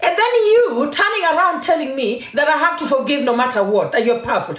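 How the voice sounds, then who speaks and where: A Kenyan-born woman hosts a heated live-stream rant, emphatic and defiant. Her somewhat high voice swings widely in pitch and bounces around an echoey room. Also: very animated, fairly quick, hardly any pauses, a bit bright. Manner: switches between English and Swahili, emphatic and defiant. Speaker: TikTok live host.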